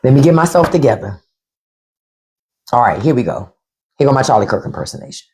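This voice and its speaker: A woman hosting a casual livestream, talking bluntly and profanely with animated delivery. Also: extremely low pitch, brisk. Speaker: podcast host on a livestream.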